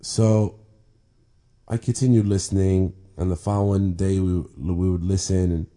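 A man casually telling a personal faith story, talking haltingly with restarts, repeated words and many fillers. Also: sits low, level tone, mellow. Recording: clear background ambience noise.

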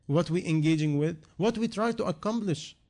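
A man's voice: sits high, moderate pace, darkish tone. Earnest preaching man. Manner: earnest, repetitive rhetorical questions, non-native grammar. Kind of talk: sermon.

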